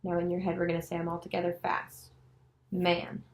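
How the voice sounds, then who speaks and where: A woman demonstrating a nonverbal reading lesson, slowly and patiently sounding out letters and words. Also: lowish voice, monotone, a little mellow, rough recording. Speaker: special education student teacher.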